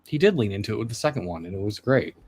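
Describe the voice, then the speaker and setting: A man's voice: lowish voice, expressive, racing, darkish tone, slightly rough, no room sound. A man co-hosting a stream, talking casually and rambling with laughs. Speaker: stream co-host. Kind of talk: casual chat.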